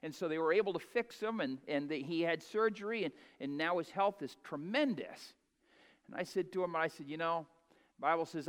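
Pastor, male, high pitch, folksy emphatic sermon delivery, reverberant church hall. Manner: folksy preaching, rising to loud emphatic climaxes.

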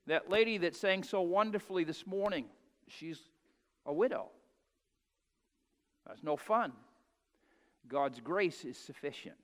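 A man preaching a sermon in a church sanctuary, his voice pitched high for a man. He drops to quiet, hushed asides, then rises to loud, emphatic declarations and has the congregation repeat phrases. The sound carries a long hall reverb. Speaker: pastor.

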